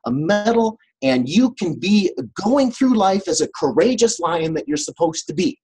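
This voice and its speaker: A grandiose, kindly wizard who hands out quick fixes with a breezy, coaxing tone, as a man puts him on. His voice sits a bit higher and swings widely, with a slightly husky edge. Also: very animated, a little mellow, exaggerated voice. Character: grandiose but kindly male wizard, reassuring. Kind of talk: storytelling in a training talk.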